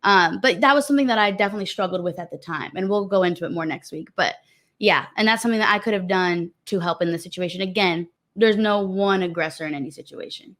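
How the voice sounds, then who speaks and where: A woman's voice: mid-range voice, fast, fairly bright tone. A young woman in her twenties co-hosting a podcast, chatting frankly and reading out viewer comments. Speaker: podcast co-host. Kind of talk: casual chat.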